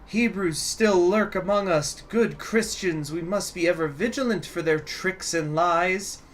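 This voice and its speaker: Fanatical preacher man, high and declamatory, voiced by a game narrator. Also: unhurried, a little hiss or hum. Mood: zealous. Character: fanatical male preacher broadcasting hate.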